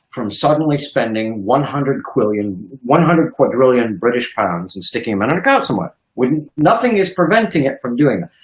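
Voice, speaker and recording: A man speaking as a guest on a video call, explaining emphatically, repeating words and checking in with "okay?". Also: mid-range voice. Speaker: guest economist. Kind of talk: animated explanatory talk. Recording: echoey room.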